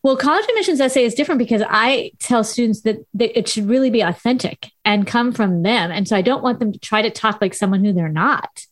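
A woman's voice: on the high side, a little fast, few pauses, no echo. A woman with a Southern Californian accent, co-hosting a casual chat and explaining things frankly like the former English teacher she is. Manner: frank, teacherly, pushes back with firm explanations. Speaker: podcast co-host, former high school English teacher.

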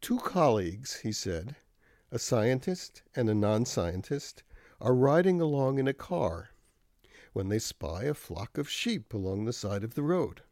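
A man reading his own scripted radio commentary in a dry, wry, measured way. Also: medium pitch, very animated, a little mellow, no room sound.

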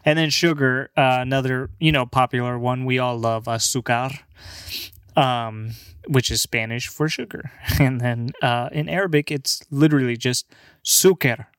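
A young man rambling casually through a word list, halting and stammering, swearing and laughing along the way. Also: medium pitch, steady tone, a bit bright, clean tone, dry recording, clean studio sound. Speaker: language video maker.

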